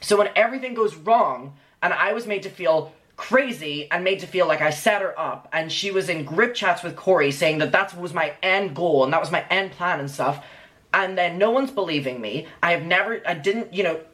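A man's voice: sits high, moderate pace, sharp tone. A man giving an earnest personal account, retelling events and reading out old messages in a played clip. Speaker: former fan recounting events.

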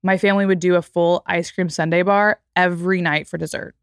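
A woman's voice: fairly low pitch, fairly even intonation, fairly quick, clear, resonant tone, no room sound, studio quality. A woman of thirty hosting her own podcast, talking candidly and reflectively in a casual way with lots of fillers. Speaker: podcast host. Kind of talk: casual solo podcast talk.

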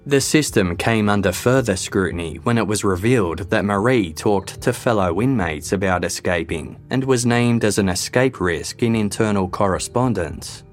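A man giving a scripted true-crime narration in a measured, even storytelling delivery. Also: on the low side, faint music behind.

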